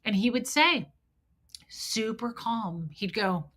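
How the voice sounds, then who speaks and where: A woman hosts a livestream with a bright, forceful voice. She tells her story bluntly and with plenty of swearing. She acts out both sides of old arguments. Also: a little high, expressive, takes it slowly. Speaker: host.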